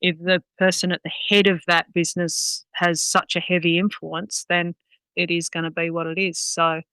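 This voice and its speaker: A woman's voice: fairly low pitch, level tone, moderate pace, pushed and bright, clean tone, no room sound, low-quality recording. A woman, a guest dog trainer talking bluntly and swearing freely in a casual podcast chat. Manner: blunt, sweary, talks with many "um"s.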